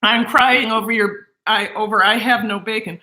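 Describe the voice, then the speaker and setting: A woman's voice: fairly high pitch, fairly even intonation, moderate pace, sharp tone, roomy sound, poor audio. A woman talking casually to camera in her home kitchen, gushing and emotional as she eats. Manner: gushing and emotional, talks while eating. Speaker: cooking vlogger.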